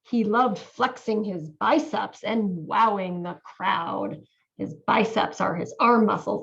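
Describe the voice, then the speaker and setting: A woman volunteer reading a children's picture book aloud in an animated way, stopping to ask the young listeners questions. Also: on the high side, slow, gravelly. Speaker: volunteer reader. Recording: dull lo-fi audio.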